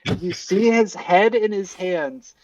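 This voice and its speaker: A man co-hosting a casual podcast, retelling scenes in an animated, slangy way. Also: high-pitched, a little slow, a little hiss or hum. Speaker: podcast co-host. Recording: dull, distant mic.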